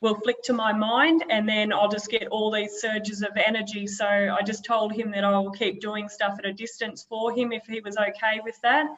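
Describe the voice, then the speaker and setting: Hesitant woman with a flat voice. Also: medium pitch, moderate pace, hardly any pauses, lo-fi sound. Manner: hesitant, lots of fillers. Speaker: guest healer. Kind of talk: casual storytelling.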